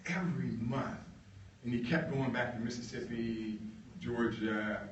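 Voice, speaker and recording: A man giving a storytelling talk, halting with fillers and leaning hard on key words, heard from a distance in an echoey room. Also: medium pitch, muffled recording, slight background noise. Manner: halting, with many fillers and emphatic stresses. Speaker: guest speaker.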